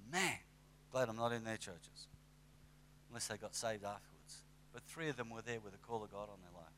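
Lively conversational male preacher. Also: fairly low pitch, brisk, slight background noise. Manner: conversational, animated with acted asides. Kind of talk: sermon.

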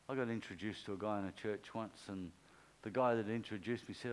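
A man's voice: steady tone, brisk, slight background noise, low-quality recording. Man preaching a conversational sermon. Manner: conversational, acts out quoted speech with pitch swings. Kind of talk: informal sermon.

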